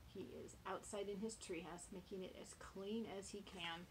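Slow, gentle woman reading a picture book. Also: medium pitch, slight background noise. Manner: expressive, talks to young children. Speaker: teacher.

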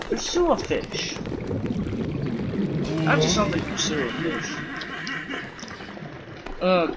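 A man's voice: a little high, noisy background. A man doing goofy, rambling let's play commentary, full of silly wordplay, over game sounds. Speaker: gameplay commentator.

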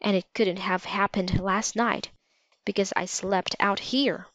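A woman's voice: mid-range voice, steady tone, unhurried, a bit bright, dry recording, natural voice. A woman reading the lines of an earnest grown man in a storybook. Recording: slightly dull lo-fi recording.

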